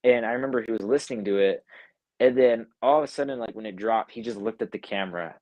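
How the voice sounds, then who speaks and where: A fast-talking young man with a voice on the low side, recorded with no echo, works as a music producer. During a live online interview from home on a video call, he tells a story animatedly, acting out what others said and using "like" frequently.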